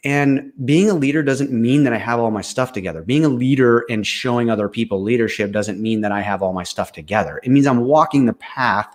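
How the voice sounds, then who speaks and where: A man's voice: medium pitch, brisk, few pauses. Candid, emphatic man in casual talk. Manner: candid, animated, repeats phrases for emphasis. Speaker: co-host.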